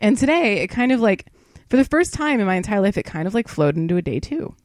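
A woman's voice: medium pitch, very animated, quick pace, darkish tone, no room sound, clean studio sound. A young woman co-hosting a podcast, a bit tipsy, rambling and swearing freely with lots of laughs. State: tipsy from wine. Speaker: podcast co-host. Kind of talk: casual chat.

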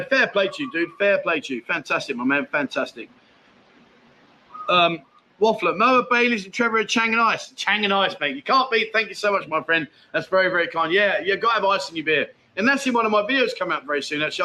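A man's voice: high voice, bright, forceful tone, a little hiss or hum. A man from England with an English accent, hosting a casual livestream where he reads out and answers viewer comments bluntly, calling people mate. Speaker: livestream host. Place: expat home in Thailand.

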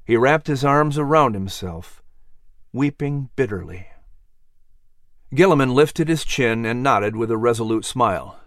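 Animated male storybook narrator. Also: mid-range voice, a little slow, no echo, studio quality. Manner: expressive, animated.

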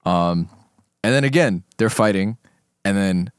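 A man's voice: fairly low pitch, expressive, a little slow, clear, resonant tone, no echo, studio quality. A young man co-hosting a casual anime discussion podcast, talking in a laid-back, slangy way and laughing often. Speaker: podcast co-host.

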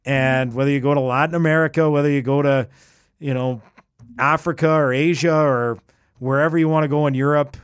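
A man as an interview guest, talking with animated enthusiasm and often restarting his phrases. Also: a little high, a little fast, clean tone, dry recording, clean studio sound. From Canada. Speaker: guest, traveller. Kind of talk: casual conversational interview.

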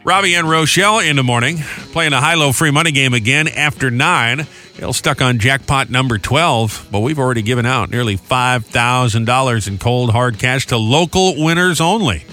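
A man's voice: mid-range voice, pushed and bright, faint music behind. A man hosting a morning radio show, joking and bantering with a co-host and callers. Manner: jokey, fast banter with hammy put-on drawls.

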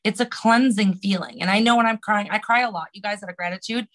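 A woman's voice: mid-range voice, quick pace, a bit bright, rough recording. A woman guest on a podcast, speaking in an earnest, heartfelt way and laughing easily. She shifts between chatting casually and reading a passage aloud. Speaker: interview guest.

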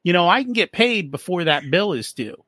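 Here the profitability guest sits in a relaxed interview, describing how people handle money and performing little exchanges in various voices with lots of animation. He pitches high, keeps a moderate pace, and the studio-quality audio has no room sound.

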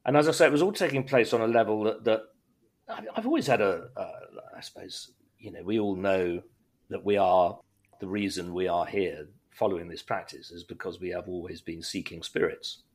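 A man's voice: low-pitched, moderate pace, a little mellow, breathy edge. A middle-aged man, a podcast guest, tells a personal story in a rambling way, restarting his sentences often and adding wry humour. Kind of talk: casual conversational storytelling.

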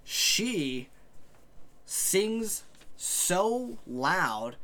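Bright, lively-voiced man running a game. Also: high voice, very slow. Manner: laid-back, profane, describes action loosely. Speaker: game master. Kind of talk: casual tabletop game narration.

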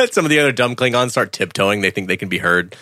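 A man's voice: lowish voice, animated, normal speed, bright, forceful tone, no echo, clean studio sound. A man co-hosting a podcast, riffing playfully and sarcastically on a movie, often laughing. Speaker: podcast co-host. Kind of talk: casual movie commentary chat.

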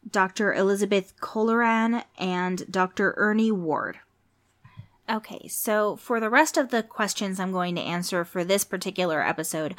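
A woman's voice: medium pitch, a bit bright. A woman who works at a cat hospital, hosting a podcast and chatting informally through pet questions. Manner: chatty, explanatory, with fillers and asides. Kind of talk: casual informational podcast monologue.

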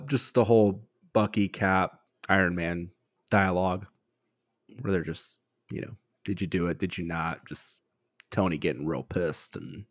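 Man, podcast co-host, deep low voice, laid-back, wry, casual chat.

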